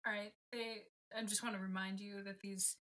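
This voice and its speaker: Wry, bright-voiced woman. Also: mid-range voice, level tone, moderate pace, low-quality recording. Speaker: podcast co-host. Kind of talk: casual chat.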